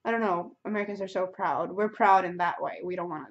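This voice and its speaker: A woman's voice: on the low side, fast talker. A young Swedish woman with a Swedish accent, chatting casually and jokingly in a vlog. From Sweden. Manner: giggly, jokey, acts out quoted lines. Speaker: vlogger. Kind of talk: casual chat. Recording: dull lo-fi sound.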